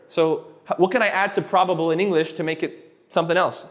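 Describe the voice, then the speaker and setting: A man teaching a live class of students, relaxed and encouraging, who often repeats himself and restarts his sentences. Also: high voice, a little fast. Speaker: Spanish teacher.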